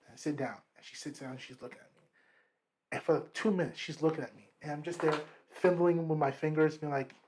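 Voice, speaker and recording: A man co-hosting a podcast, telling a story in casual chat, lively and profane, acting out what people said. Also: on the high side, quick pace, noisy background. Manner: animated, profane, acts out quotes. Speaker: podcast co-host.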